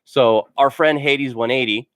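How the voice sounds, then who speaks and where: A man tells his funny stories in a loose, rambling way, with "like" after almost every few words and a laugh at his own jokes. His voice sits at an ordinary middle pitch. It is recorded dry, with no room sound. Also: fairly even intonation, unhurried, a bit bright, no echo. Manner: rambling, full of "like" fillers. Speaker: gaming channel host. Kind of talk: casual storytelling vlog.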